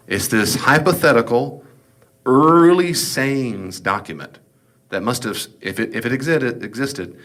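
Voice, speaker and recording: A man's voice: lowish voice, fairly bright tone. A middle-aged man teaching a Bible class in a conversational, folksy way with humorous asides. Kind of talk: classroom lecture.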